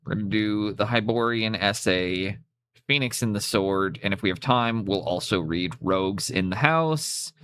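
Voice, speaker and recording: On a live stream, a young man with a Canadian accent talks casually into a cheap USB microphone, rambling, breaking off mid-thought, and swearing here and there. The recording is dry, and his voice runs on the low side at normal speed, fairly bright, clear, and resonant.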